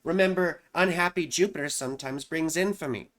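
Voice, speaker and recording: A woman's voice: low-pitched, a little fast. A woman astrologer explaining horoscopes in a loose, chatty way, often saying "you know" and "right?".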